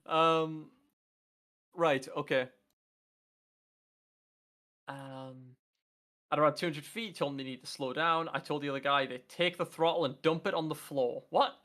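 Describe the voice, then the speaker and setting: A British man reading a news story aloud on a casual group chat show, animated and swearing freely, laughing as he reads. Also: fairly high pitch, measured pace, pauses often. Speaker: podcast guest.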